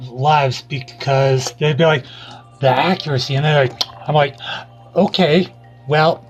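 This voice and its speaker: A man's voice: medium pitch, moderate pace, soft background music. A man who reads tarot and co-hosts a live stream, chatting casually and acting out what people said to him. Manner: animated storyteller acting out quotes. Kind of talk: casual chat.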